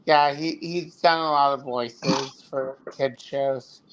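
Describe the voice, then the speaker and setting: A man chatting casually on a live stream as a guest, talking slowly with a halting manner and frequent fillers. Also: mid-range voice, fairly even intonation, a bit bright, muffled recording. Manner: slow and halting, many fillers. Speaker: guest Funko collector. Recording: noisy background.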